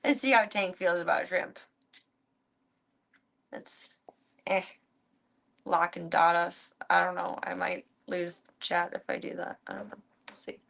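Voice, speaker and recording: A woman's voice: fairly low pitch, steady tone, measured pace, creaky, pauses often, fairly bright tone. A woman live streamer at home, chatting casually and talking to her pets in an amused, baffled way. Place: at home with her cats and dogs.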